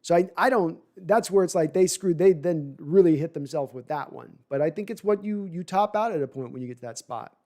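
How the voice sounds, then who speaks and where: A man's voice: fairly high pitch, brisk, few pauses, darkish tone. A man hosting a live sports podcast, talking at length and reading chat comments, often repeating words as he restarts sentences.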